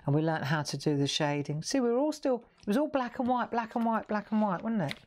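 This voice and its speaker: A woman's voice: mid-range voice, expressive, fast, darkish tone. A middle-aged woman hosting a live craft show, chatting playfully with viewers and joking as she shows her work. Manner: chatty, playful, sings snippets and jokes with viewers. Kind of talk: live craft stream chat.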